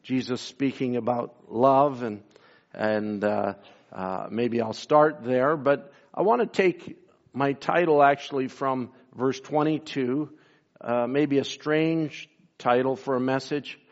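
A man preaching a sermon, pausing often with fillers and reading scripture in old-style wording. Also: mid-range voice, highs cut off. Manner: slow, halting delivery with many fillers, reads scripture in King James wording. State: briefly emotional. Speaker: pastor.

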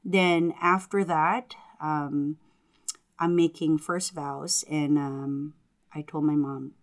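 A woman who is a Catholic religious sister and teacher, telling her story in an interview in an animated, earnest way. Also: low voice, slow. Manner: animated, earnest, acts out family members' lines.

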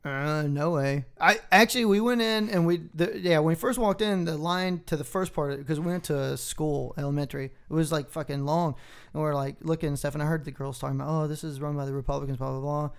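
A man's voice: a little high, brisk, clean tone. A man co-hosting a casual podcast, telling stories animatedly with lots of swearing and laughter. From Texas, United States. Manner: profane, animated storytelling with laughs. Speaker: podcast co-host. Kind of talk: casual chat.

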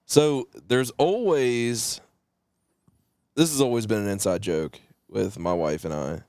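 Gravelly low-voiced man with a West Virginian accent. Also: slow, a little mellow, slight background noise. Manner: joking, storytelling. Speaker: podcast co-host, English teacher. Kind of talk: casual chat.

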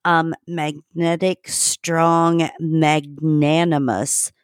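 Woman host, low voice, unhurried, dry room, affirms the guest. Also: flat delivery, smooth, no echo. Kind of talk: casual conversation.

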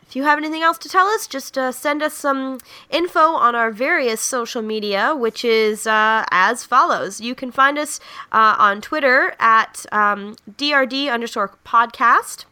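A young woman chats casually on her comedy podcast, telling jokes while laughing frequently and using many fillers. Her high-pitched voice comes across as pushed and bright.

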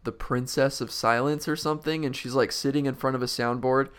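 Relaxed young man, rambling podcast host. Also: medium pitch, a little fast, smooth. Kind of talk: casual chat and reading aloud.

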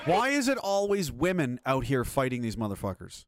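A man's voice: mid-range voice, huge pitch swings, fairly quick, a loud crowd, very noisy. A man hosting a video commentary, ranting in an angry, blunt and profane way. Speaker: commentary host.

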